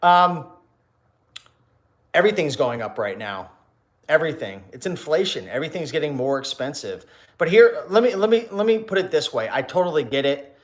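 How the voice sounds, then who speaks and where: A man's voice: on the high side, big pitch swings, normal speed. A man hosting a casual livestream, talking to viewers in a preachy way, firing rhetorical questions and restarting his words. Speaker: reseller YouTuber hosting a livestream.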